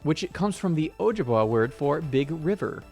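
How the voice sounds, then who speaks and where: Man, game streamer, gravelly voice, playful and rambling, faint game music behind. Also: a little high, animated, moderate pace, a little mellow. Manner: playful, rambling, tries silly accents. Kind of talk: casual let's-play commentary.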